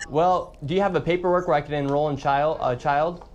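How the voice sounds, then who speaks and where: Man, played-back clip, hesitant, stumbling, slightly high voice. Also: steady tone, a little fast, a little mellow, dull audio. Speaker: video creator.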